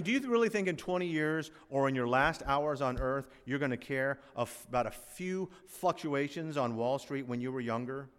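In a church sanctuary, an older pastor with a mid-range voice delivers an animated sermon, swinging from loud, emphatic lines to quiet asides. Long reverb from the large hall trails after his words.

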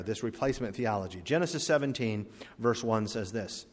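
A man preaching a sermon as pastor, rising to emphatic peaks and slowing down to read scripture aloud. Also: mid-range voice, expressive. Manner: preaching with emphatic swells and slow, drawn-out scripture reading. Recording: long hall reverb.

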